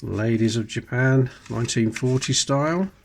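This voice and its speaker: A man's voice: medium pitch, moderate pace, gravelly, soft background music. Chatty man, wry asides. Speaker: coin-collecting channel host. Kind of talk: casual show-and-tell commentary.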